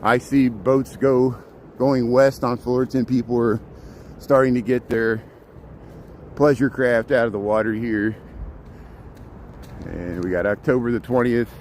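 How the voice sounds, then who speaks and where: Speaking a little slowly with long pauses, a man with a steady, darkish mid-range voice livestreams a dawn walk through a city park on his handheld phone. He rambles, repeats himself and restarts, slightly out of breath, as faint traffic hum and street sounds carry behind him.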